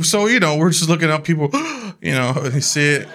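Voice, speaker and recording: Bright-voiced man telling a funny story. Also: fairly high pitch, normal speed. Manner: animated, laughs while telling the story. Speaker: comedian. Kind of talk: comedic storytelling.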